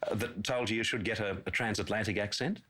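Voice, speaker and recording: A man's voice: on the low side, fairly even intonation, fast, a bit bright, husky. A man interviewing a singer, asking probing questions.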